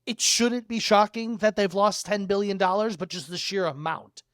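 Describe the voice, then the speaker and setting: A young man co-hosting a casual podcast, animated and quick to laugh and swear. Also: high voice, smooth, dry recording, studio quality. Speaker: podcast co-host.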